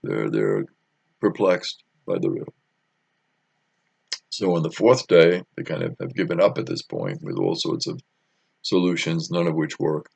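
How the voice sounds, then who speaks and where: A man's voice: a bass voice, sing-song, measured pace, vocal fry, long pauses, darkish tone, slightly rough, dry recording. A man retelling a Bible story in a casual, conversational way, with frequent fillers. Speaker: Bible teacher.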